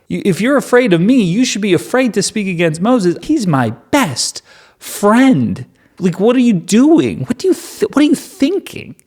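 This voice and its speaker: A man voicing a petulant, dramatic male god who is quick to anger, speaking slowly and grandly, then turning whiny and sulky. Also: high voice, a little mellow, pitched above the performer's own voice, full character voice.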